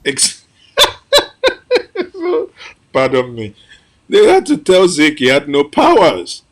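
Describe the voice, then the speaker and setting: Husky, animated Nigerian man. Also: fairly high pitch, a little slow. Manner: emotional, exclamatory, repeats phrases for emphasis. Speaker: host reacting to an archive clip. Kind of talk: impassioned commentary.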